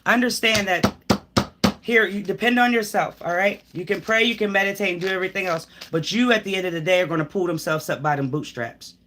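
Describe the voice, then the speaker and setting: Talking fairly quickly in a medium-pitched, slightly bright voice, a tarot reader gives a live reading and spiritual pep talk straight to the viewer. She is emphatic and preachy, rambling with sighs and restarts, and there is a little hiss or hum.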